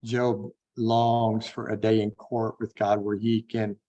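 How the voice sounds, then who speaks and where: A man teaching a Bible class, unhurried and thinking aloud with frequent fillers. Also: fairly low pitch, little pitch movement, dark tone, lo-fi sound. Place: online classroom.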